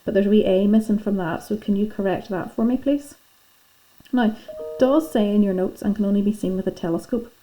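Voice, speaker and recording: A woman's voice: mid-range voice, brisk, mellow, a little hiss or hum, rough recording. A woman teacher, patiently and chattily talking pupils through filling in their lesson notes. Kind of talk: classroom lesson going through worksheet notes.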